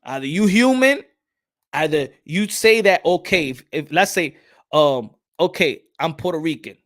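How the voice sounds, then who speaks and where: Unhurried and casual, a podcast host with a slightly high voice chats animatedly, repeating words and acting out little exchanges. Now and then he slips into Spanish phrases.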